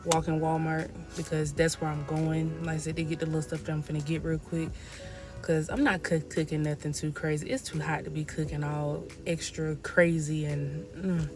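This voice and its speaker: A woman vlogging from her parked car in a loose, rambling way, with a habit of repeating "like I said.". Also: low voice. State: out of breath. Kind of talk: casual talk to camera.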